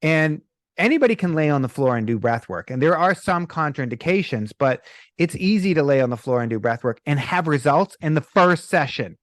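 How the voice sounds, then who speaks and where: A man's voice: fairly high pitch, fairly quick, no room sound, studio quality. A middle-aged man, a breathwork coach in a podcast interview, telling stories and acting out the people in them. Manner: animated storytelling, acts out quoted people.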